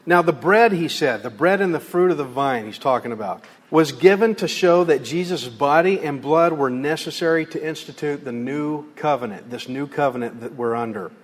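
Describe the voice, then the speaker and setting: Casting: man pastor, folksy, conversational sermon, slightly high voice, long reverberant hall. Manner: folksy, conversational preaching with Southern phrasing.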